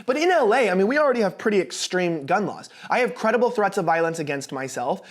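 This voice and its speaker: A young man hosting a casual political commentary monologue, speaking in a notably high voice. He sounds animated and sarcastic, often stumbling and restarting his sentences. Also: quick pace. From United States.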